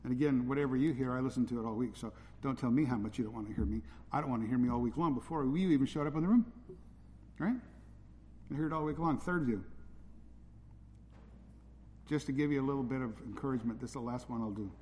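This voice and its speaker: A man in the pulpit delivers a direct, unvarnished sermon. His voice sits at an ordinary middle pitch. A long reverb trails his words through the sanctuary. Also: quick pace, pauses often, a little mellow. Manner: blunt, direct preaching. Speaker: pastor. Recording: reverberant hall.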